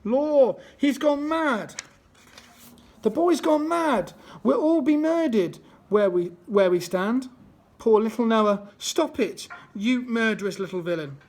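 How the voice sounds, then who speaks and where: A man voicing a panicked, shrieking woman servant in a storybook reading, with a shrill, frantic manner. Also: lively intonation, slow pace, darkish tone, heavily acted.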